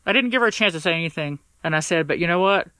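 A woman's voice: on the low side, animated, racing, a bit bright, no room sound. A woman sharing a personal story as a podcast guest, blunt and profane, acting out the exchanges she recalls and close to tears.

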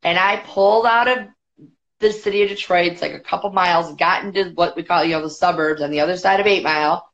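A woman guest on a podcast, telling a story in a chatty, quick way with many fillers. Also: on the low side, a bit bright. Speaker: podcast guest, boxing federation executive. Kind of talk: casual storytelling. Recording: dull lo-fi podcast audio.

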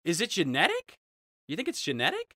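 A man's voice: sits high, huge pitch swings, brisk, sharp tone, no room sound, studio quality. A young man chatting casually as a podcast co-host, joking and acting out silly voices. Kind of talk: casual chat.

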